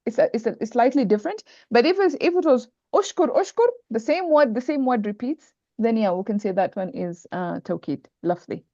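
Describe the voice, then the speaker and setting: A woman's voice: fairly high pitch, lively intonation, fairly quick, hardly any pauses, dark tone, no echo. A woman teaching Arabic grammar in an online class, patiently repeating terms and checking that students follow. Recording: dull lo-fi online call audio.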